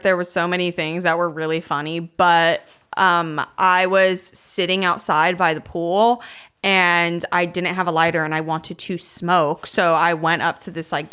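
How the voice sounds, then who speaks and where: A woman's voice: lowish voice, fairly even intonation, moderate pace, bright, forceful tone, smooth. A woman in her twenties co-hosting a podcast, telling long, profane, laugh-filled stories in casual chat. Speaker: podcast co-host.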